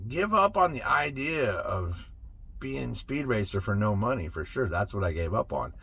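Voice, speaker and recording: A man's voice: mid-range voice, moderate pace, gravelly, breathy edge. A middle-aged man giving a casual motivational talk to camera, telling stories with acted-out quotes. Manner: animated storytelling with acted-out quotes. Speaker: motivational vlogger.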